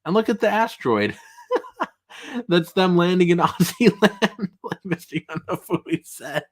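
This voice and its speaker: A man's voice: lively intonation, unhurried. A man hosting a casual livestream, reading chat comments aloud with jokey mock outrage. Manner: jokey, mock-outraged, rising pitch when protesting. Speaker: livestream host.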